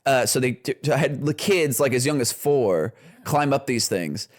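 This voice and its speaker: A man's voice: mid-range voice, lively intonation, normal speed. A man co-hosting a comedy podcast, telling a story in a rambling, profane way, with many fillers and restarts and frequent laughs. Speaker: podcast co-host. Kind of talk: casual comedic podcast chat.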